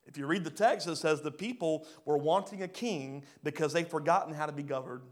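A pastor preaching a sermon, swinging between loud rising bursts and quiet low drops. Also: male voice, fairly quick. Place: church hall.

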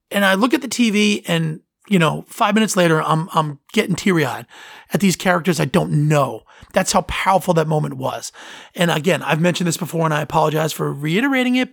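A man's voice: on the high side, vocal fry, dry recording, studio quality. A man hosting a solo podcast in casual talk, earnest and sentimental, rambling and often interrupting himself. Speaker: podcast host.

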